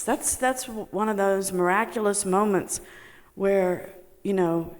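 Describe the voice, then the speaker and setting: A woman telling a personal story to a group, halting with many fillers and laughing as she talks. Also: medium pitch, in a large hall. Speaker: meditation student sharing a testimony.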